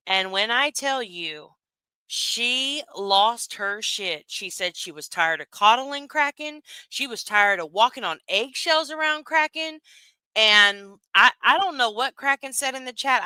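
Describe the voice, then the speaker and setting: A woman streamer chatting casually to her viewers, gossipy and loose, with lots of fillers and quick asides. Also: a little high, lively intonation, pushed and bright, clean tone, no echo.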